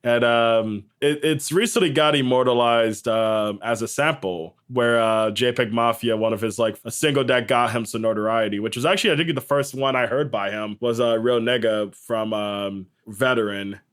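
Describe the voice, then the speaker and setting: A young man chats about albums on a podcast, rambling and enthusiastic and quick to laugh. His voice sits at an ordinary middle pitch. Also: a bit bright. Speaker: podcast co-host. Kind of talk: casual music discussion.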